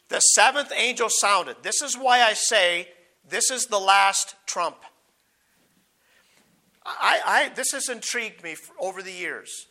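A man preaching a Bible teaching sermon, reading scripture slowly with emphasis and stumbling through asides, his voice going hoarse as he clears his throat. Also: high voice, pushed and bright.

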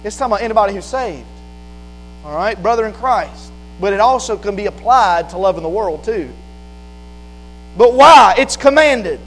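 Male preacher, very high voice, shifts from hushed teaching to fervent shouting, faint hum behind. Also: animated, normal speed, rough recording. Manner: swings from quiet explaining to loud fervent preaching. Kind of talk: sermon.

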